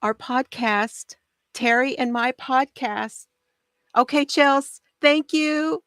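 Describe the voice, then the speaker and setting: Brief: excitable woman host, higher voice, dry close sound, chatty knitting tutorial. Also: takes it slowly, no echo. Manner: bubbly and excitable, laughs often. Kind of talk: casual crafting chat.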